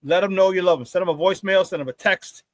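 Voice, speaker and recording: Talking at a quick pace in a high voice, a man runs a morning sports talk show like a hype man, chatting loosely, greeting viewers, and calling out the chat. The recording is dry.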